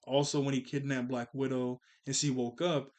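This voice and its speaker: A man's voice: mid-range voice, little pitch movement, normal speed, darkish tone. A man recapping a movie in casual chat, rambling with lots of "like" and "you know" and chuckling often. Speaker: movie commentary vlogger.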